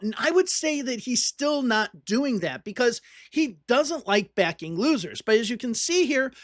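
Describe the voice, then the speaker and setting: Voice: mid-range voice, no room sound, studio quality. A political commentator from the northern United States, talking casually and reading on-screen text aloud, often repeating points for emphasis.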